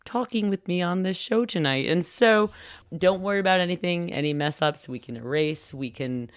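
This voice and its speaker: A woman's voice: lowish voice, moderate pace, clear, resonant tone, dry recording, studio quality. A woman hosting a podcast, chatting playfully and teasing her guest in a casual interview. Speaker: podcast host.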